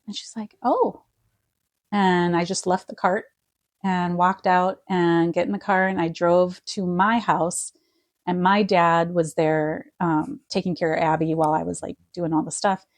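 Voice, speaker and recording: Soft-spoken woman telling a painful story. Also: lowish voice, flat delivery, normal speed, dry recording. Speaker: guest. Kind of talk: personal storytelling interview.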